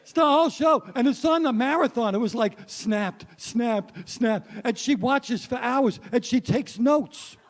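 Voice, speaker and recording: Stand-up comic, male, 60s, high-pitched, wry punchy delivery, works the room. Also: normal speed, few pauses. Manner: punchy, wry, addresses the crowd. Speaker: stand-up comedian. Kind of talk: stand-up comedy set. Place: stage before a live audience.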